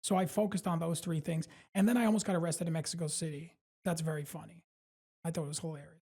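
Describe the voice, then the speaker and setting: A man's voice: on the high side, fairly even intonation, fast talker, dark tone, husky. A man from Brooklyn, a stand-up comedian who is a guest on a podcast, talks in a rambling, casual way full of "like" and "you know". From Brooklyn, New York.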